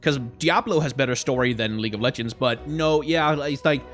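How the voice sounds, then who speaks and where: A young man from Denmark with a faint Danish accent, chatting casually on a live stream and reading out donations, excitable and swearing freely. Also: medium pitch, brisk, soft background music.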